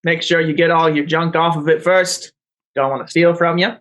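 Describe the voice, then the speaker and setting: A man's voice: on the high side, level tone, normal speed, a bit bright, natural voice. A man doing a blunt woman train boss. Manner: gruff, blunt orders.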